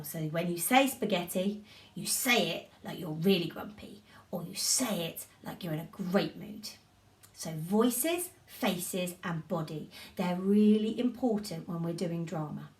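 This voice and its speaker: A woman teaching a drama session to young children, giving animated, coaxing instructions and encouragement. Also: lowish voice, recorded from a distance. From United Kingdom.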